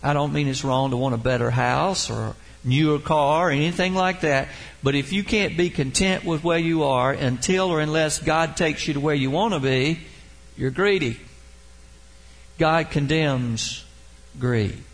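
Earnest male preacher, slightly high voice. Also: rough recording. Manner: earnest preaching, slows down to stress key words. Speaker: pastor. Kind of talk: sermon.

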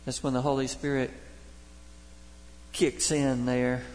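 A Baptist pastor preaching a sermon, telling folksy, humorous stories from daily life. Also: male voice, mid-range voice, little pitch movement, slow, a little mellow, slight background noise. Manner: folksy storytelling, homespun humor. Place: church sanctuary. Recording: long reverb of a church hall.

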